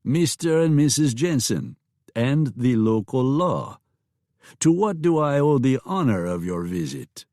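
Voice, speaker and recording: A man's voice: mid-range voice, animated, unhurried, warm tone, no room sound, studio quality, voice pushed up, close to an everyday voice. A man voicing a polished, gallant saloon owner with a French accent, in a flowery, courtly manner, for an audiobook. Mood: gracious.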